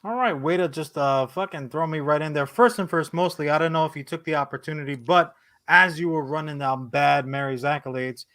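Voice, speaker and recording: Bright-voiced laid-back podcast co-host. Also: male voice, fairly high pitch, a little fast. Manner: loose, swearing, playful. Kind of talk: casual podcast chat and sponsor reads.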